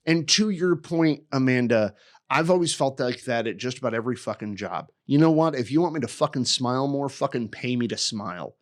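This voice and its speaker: A man's voice: medium pitch, lively intonation, a little fast. Blunt, heavily swearing man on a podcast. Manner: profane, blunt and emphatic. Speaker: podcast co-host. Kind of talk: casual chat.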